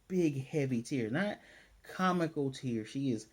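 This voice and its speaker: A man's voice: medium pitch, lively intonation, unhurried. A man casually recapping an anime episode, acting out the characters' lines as he retells the scenes. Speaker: anime reviewer.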